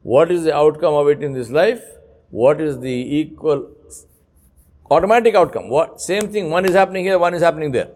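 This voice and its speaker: Guy giving an islamic talk, emphatic, rhetorical questions, goes quiet then loud. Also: on the high side, a little fast. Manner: storytelling with repeated phrases. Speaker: Islamic lecturer. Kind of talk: religious lecture to young men.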